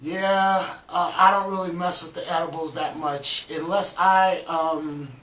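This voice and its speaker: A man's voice: on the high side, steady tone, a little slow, pushed and bright, echoey room, distant mic, rough recording. A man casually chatting as host of a reaction video, laid-back and rambling with lots of "um" and "man". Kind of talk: casual chat.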